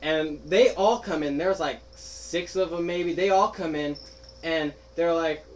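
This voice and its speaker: A young man spins a story for his friends, voicing each person in turn and breaking into laughter. His voice sits a little high. A light background hiss runs under it. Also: a little slow, poor audio. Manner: animated, laughing, acts out quoted friends. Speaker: podcast host telling a story. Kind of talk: casual storytelling chat.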